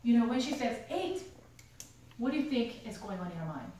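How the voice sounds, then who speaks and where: A woman lecturer teaches a university theology class with animated storytelling, often laughing and asking her students questions. Her voice sits fairly high. The recording is very echoey, picked up from across the room with a faint hum. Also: fairly quick, distant mic.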